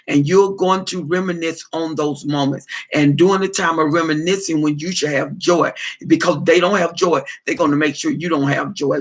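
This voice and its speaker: A man's voice: on the high side, gravelly, a bit bright. A man, a pastor, answering viewer comments on a livestream in a preachy way, repeating phrases for emphasis.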